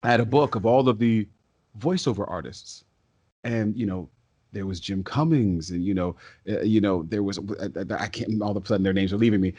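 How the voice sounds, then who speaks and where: A man, a stage and voice actor, telling stories as a podcast guest in an excitable, talkative way. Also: on the low side. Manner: talkative and excitable, quick bursts and restarts. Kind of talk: casual podcast interview storytelling.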